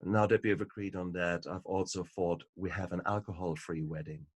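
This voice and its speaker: A man voicing a sweet, earnest young woman, a bride-to-be daughter, in a gentle and persuasive way. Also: sits low, steady tone, brisk, husky, no room sound.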